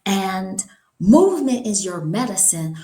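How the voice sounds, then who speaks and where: A woman's voice: mid-range voice, sing-song, unhurried, mellow, roomy sound, low-quality recording. A middle-aged woman giving an informal health talk, chatty and folksy, calling her listeners honey. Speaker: holistic wellness speaker.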